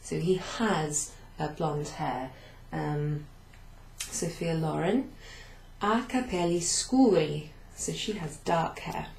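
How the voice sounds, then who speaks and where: A woman teacher reviews a beginner class in a slow, patient way, repeating phrases and turning to write on a board. Her voice sits a little low. The room adds a noticeable echo and a faint hum underneath. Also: vocal fry, darkish tone. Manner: writes on a board while talking, turning away at times. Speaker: language teacher. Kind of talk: recap of a beginner Italian class.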